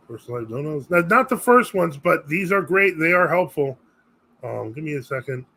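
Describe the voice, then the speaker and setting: A man hosts a live stream in a casual, chatty way. His voice is somewhat husky and sits a little high for a man. He reads viewer comments aloud and responds to them on the fly. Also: animated, normal speed, pushed and bright, poor audio. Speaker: host of a live religious Q&A stream.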